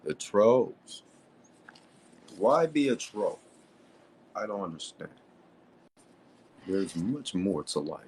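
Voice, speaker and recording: A man's voice: fairly low pitch, very animated, takes it slowly, pauses often, a little mellow, slightly rough. A man hosting a livestream debate, insistent and taunting, repeating his challenges over and over. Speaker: livestream host.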